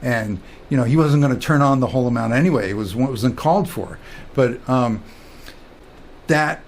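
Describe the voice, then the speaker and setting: A man's voice: mid-range voice, normal speed, a little hiss or hum. A man giving a casual spiritual talk, rambling with many fillers and restarts as he tells stories. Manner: storytelling, quoting others in quiet voices. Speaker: spiritual teacher.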